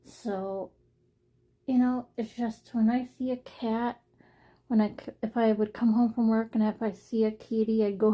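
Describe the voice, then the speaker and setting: A young woman chatting to the camera in a personal vlog, her voice a little higher than most and soft and mellow in tone. She rambles earnestly, circles back and repeats herself as she thinks aloud. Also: little pitch movement, moderate pace. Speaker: vlogger.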